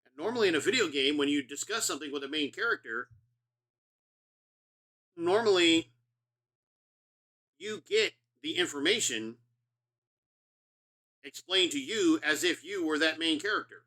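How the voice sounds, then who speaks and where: Middle-aged man, casual game commentary, rambling, profane, self-mocking, bright forceful voice, slightly high. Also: expressive, normal speed, pauses often. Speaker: streamer.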